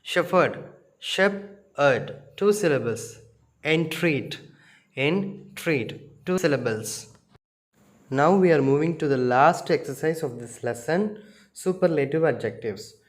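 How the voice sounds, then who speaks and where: A male school teacher with an Indian English accent, leading a slow, careful revision lesson and explaining word meanings one by one. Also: a little high, darkish tone.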